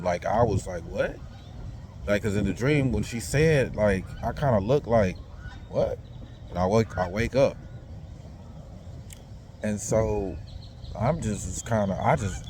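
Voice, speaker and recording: A man's voice: sits low, a little mellow, a little hiss or hum. A man casually recounting a dream in a rambling, slang-heavy monologue full of fillers.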